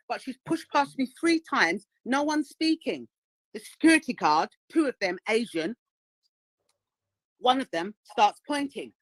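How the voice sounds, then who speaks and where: Female caller, high-ish voice on a dry line, indignant storyteller. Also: expressive, measured pace, no echo, rough recording. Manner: indignant, acts out the voices of others in her story. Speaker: caller on a live stream. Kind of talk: animated storytelling.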